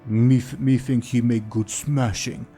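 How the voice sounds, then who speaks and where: A man's voice: mid-range voice, fairly even intonation, unhurried, warm tone, faint music behind, close to an everyday voice. A man voicing a dim-witted male ogre brute who speaks in broken, simple sentences. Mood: blunt.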